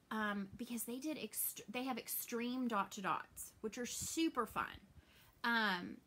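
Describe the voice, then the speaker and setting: A woman in her thirties with a Southern American accent chats casually to camera from home for her cross stitch vlog. Her voice sits in the mid range, and she's open and talkative, though she trails off softly when something saddens her.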